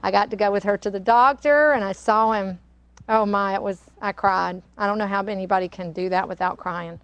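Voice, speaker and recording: A woman's voice: medium pitch, steady tone, brisk, fairly bright tone, clean tone. An older woman, hosting a casual cooking demonstration and chatting in a rambling, storytelling way. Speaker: cooking show host. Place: kitchen studio.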